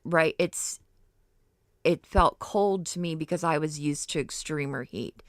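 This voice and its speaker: In a dry, clean studio recording, a low-pitched, unhurried woman chats while crafting. She's a middle-aged livestream host from Ohio, US who rambles and uses fillers as she works.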